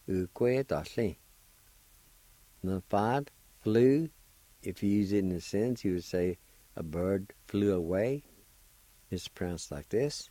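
A man with a Cherokee-speaking Oklahoma accent teaches a radio language lesson, spelling out words syllable by syllable. He talks very slowly and patiently, encouraging his listeners. His voice is low and warm, recorded close and dry. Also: no echo, poor audio. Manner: slow, deliberate, spelling out syllables.

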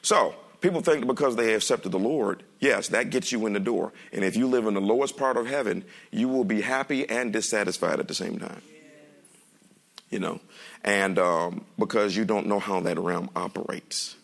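Animated preacher with a gravelly voice. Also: male voice, on the low side, moderate pace. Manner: animated, joking, speaks with the congregation. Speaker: pastor. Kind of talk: sermon. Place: church sanctuary.

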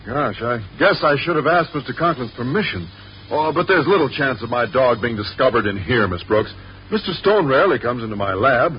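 A man's voice: medium pitch, animated, a little fast, close to an everyday voice. An actor playing a mild-mannered, bashful male science teacher in a 1950s radio sitcom, heard in a dull old radio broadcast with faint hiss. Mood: earnest. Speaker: biology teacher.

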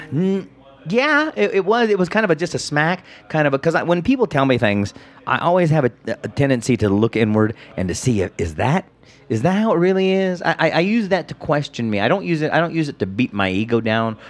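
Rambling male comedian with lively pitch. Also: fairly quick. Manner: rambling, many restarts and repeated words; lively pitch, jumps into high impressions. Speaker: comedian guest. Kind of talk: casual interview talk.

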